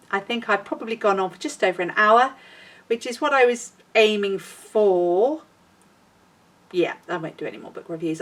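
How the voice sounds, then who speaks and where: Out in what sounds like a windy garden, a woman with a mid-range, fairly bright voice chats casually for her knitting podcast. She rambles and pokes fun at herself, and she's a bit distant from the microphone.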